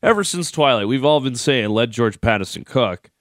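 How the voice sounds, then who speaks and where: Male radio co-host, mid-pitch, very lively delivery, rambling, dry studio sound. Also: moderate pace, dry recording. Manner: rambling, laughing, self-deprecating. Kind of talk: casual sports radio banter.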